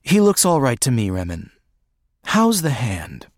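A man voicing a powerful, motherly woman with a deep, soft, musical voice, speaking tenderly and steadily in an audiobook. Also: huge pitch swings, a little slow, no room sound. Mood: gentle.

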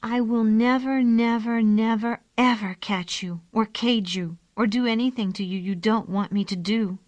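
A woman voicing a gentle, earnest young girl in a storybook reading, with a soft high coaxing voice. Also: fairly even intonation, normal speed, no echo, close to an everyday voice.

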